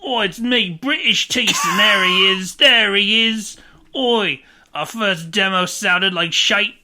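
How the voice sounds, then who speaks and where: A man's voice: sits high, slow, pushed and bright, voice pushed up, full character voice. A man hamming up a mock-British version of a cheeky male singer, laughing through a put-on accent.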